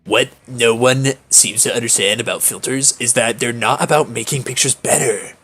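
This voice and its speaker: A man's voice: mid-range voice, normal speed, a bit bright, slightly rough, soft background music, voice pushed down. A man voicing a pompous young vampire photographer from a game, speaking in an artsy, self-serious way.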